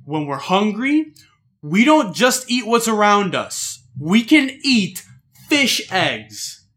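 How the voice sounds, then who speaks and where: A young man with a high, bright voice talks in a casual podcast chat. He is animated and crude, swears freely, and slips into mocking voices to act out his jokes. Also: takes it slowly. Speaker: podcast co-host.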